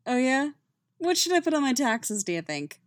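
A woman's voice: high-pitched, very animated, moderate pace, no room sound, studio quality, pitched above the performer's own voice. A woman voicing a playful, teasing adult woman with a wry manner.

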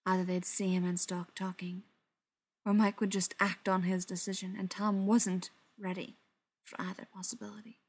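A woman narrating a novel aloud, steady and dramatic, dropping to a hush in quieter passages. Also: medium pitch, moderate pace, husky. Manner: steady, dramatic reading with soft, hushed passages. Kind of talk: audiobook narration.

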